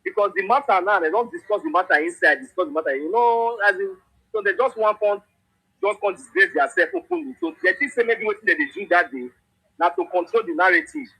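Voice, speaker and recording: A man speaking Nigerian Pidgin in an impassioned political commentary, animated and repetitive with frequent restarts. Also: high-pitched, quick pace, breathy edge, rough recording. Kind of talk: impassioned monologue.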